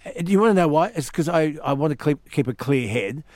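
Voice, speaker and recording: A man's voice: on the high side, lively intonation, quick pace, a little mellow, no echo. An Australian man hosting a radio show, telling stories in casual banter and hammering his points with repeats. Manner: storytelling, emphatic repeats. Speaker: radio host.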